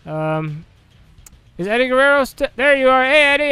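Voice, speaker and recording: A young man giving casual, excitable let's play commentary, joking crudely and shouting at the game. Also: very high-pitched, moderate pace, smooth, no echo, faint music behind. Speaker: gameplay commentator.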